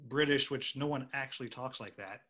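A man's voice: mid-range voice, a little fast, bright, forceful tone. Guy hosting a chat, rambly and jokey, slightly dull audio. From United States. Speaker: host, stage actor. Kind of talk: casual interview chat.

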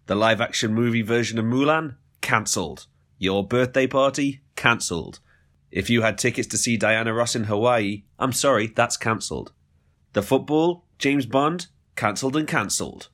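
A man hosts his own podcast in a comedic monologue. His voice sits at an ordinary middle pitch. He swings between mock-dramatic outbursts and dry, deadpan asides. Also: moderate pace. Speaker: podcast host.

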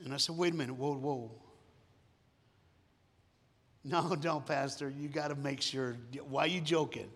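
A man's voice: on the high side, fairly quick. Dramatic male preacher in a big hall. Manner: dramatic, swings from hushed to loud, sings song lines. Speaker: guest preacher. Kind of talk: storytelling sermon. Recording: long hall reverb.

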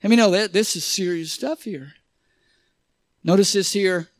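A man preaching a sermon in church, animated, calling on the congregation to answer and repeat after him. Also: sits high, a little slow, dry recording. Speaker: pastor.

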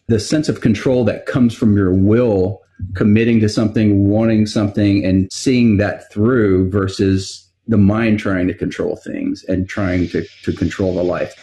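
A man's voice: on the low side, dark tone. A man co-hosting a casual interview, asking thoughtful, searching questions. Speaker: podcast co-host.

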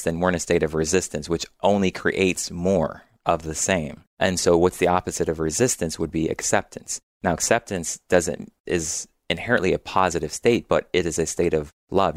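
A man with a very low voice talks calmly in a reflective conversation. He explains ideas patiently and acts out little inner voices as examples. The sound is dry and close. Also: dry recording. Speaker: guest speaker on emotions.

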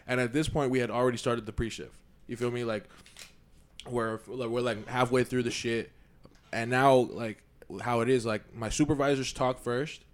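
A man co-hosting a casual podcast chat, telling a story with lively acted-out quotes and a lot of "you feel me.". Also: mid-range voice, normal speed. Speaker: podcast co-host.

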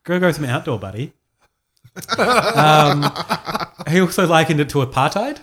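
A man's voice: on the high side, expressive, a little slow, fairly bright tone, breathy edge. A man with a New Zealand accent co-hosting a casual podcast, rambling with frequent laughs. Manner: rambling, laughs often, many fillers. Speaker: podcast co-host. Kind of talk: casual chat.

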